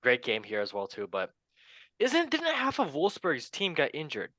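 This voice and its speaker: A man's voice: fairly high pitch, wildly swooping pitch, normal speed, bright, forceful tone, no echo, rough recording. A man hosting a casual sports podcast, upbeat and jokey with a rambling way of talking. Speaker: podcast host.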